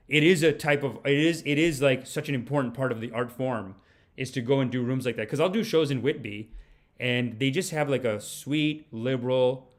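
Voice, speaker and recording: A man, a comedian hosting a podcast, telling rambling, animated stories. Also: mid-range voice. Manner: animated, rambling, laughs mid-story. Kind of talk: casual storytelling.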